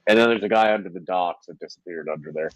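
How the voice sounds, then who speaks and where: A man with a lowish voice runs a tabletop game as game master. He narrates and calls turns in a laid-back way, laughs a lot and swears casually. The sound is dry and close. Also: fast, no room sound. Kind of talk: running a tabletop game over voice chat.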